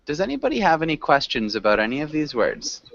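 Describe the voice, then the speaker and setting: A man's voice: on the high side, huge pitch swings, fast, fairly bright tone, lo-fi sound. A man teaching an online English class, patiently coaching students on words and pronunciation.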